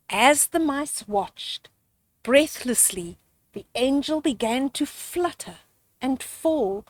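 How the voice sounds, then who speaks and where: An older woman, a grandmotherly storyteller, reads a children's book aloud outdoors in a slow, gentle way. Her pitch rises and falls a great deal as she tells it. The sound is dry and close. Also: dry recording.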